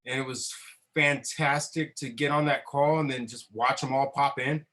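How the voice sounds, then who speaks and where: A man, a veterans council member talking casually at a roundtable, energetic, swearing and laughing often. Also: medium pitch, moderate pace, faint music behind, rough recording.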